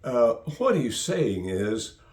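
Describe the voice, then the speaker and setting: A man's voice: mid-range voice, sing-song, takes it slowly, a little mellow. A male pastor preaching a sermon, emphatic and fond of repeating phrases for stress. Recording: roomy echo.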